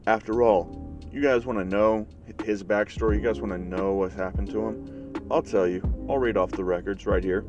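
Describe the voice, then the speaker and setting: A man voicing a gruff male teacher who speaks bluntly and with profanity in a fan story. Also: fairly low pitch, fairly even intonation, moderate pace, recorded from a distance, highs cut off, music in the background, natural voice. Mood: blunt defiant.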